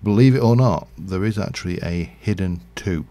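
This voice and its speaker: A man's voice: low voice, moderate pace, mellow. A man from Yorkshire, England with a slight Yorkshire accent, rambling and chatty as he streams a game and corrects himself mid-sentence. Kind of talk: casual livestream gameplay commentary.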